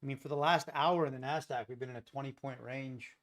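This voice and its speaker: A man's voice: medium pitch, fairly even intonation, fast. A man streaming live as a futures day trader, thinking aloud as he scans markets, questioning his own trade ideas with laid-back joking asides.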